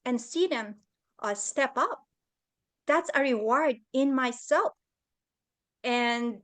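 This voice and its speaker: A woman with a high voice shares a personal story as a summit guest, in an earnest, heartfelt manner. She speaks at an unhurried, slow pace. The sound comes through a video call. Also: a bit bright.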